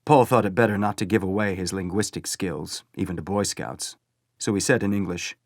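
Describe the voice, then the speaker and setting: A man reading a novel aloud as an audiobook narrator, measured and steady. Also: sits low, no room sound, clean studio sound. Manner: measured storytelling. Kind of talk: scripted narration.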